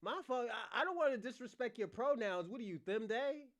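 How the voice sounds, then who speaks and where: A man's voice: extremely high pitch, lively intonation, fairly quick, fairly bright tone, no room sound. A man from Boston hosting a casual live chat, teasing and laughing often. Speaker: livestream host.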